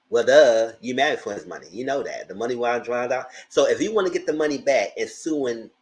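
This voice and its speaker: A man giving casual live commentary on a reality TV show, sassy and talking back at the screen. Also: fairly low pitch. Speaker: TV show reviewer.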